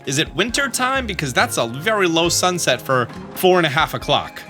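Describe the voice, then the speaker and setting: A man's voice: on the high side, lively intonation, normal speed, hardly any pauses, pushed and bright, soft background music. A man hosting a video game walkthrough, explaining steps in a casual manner.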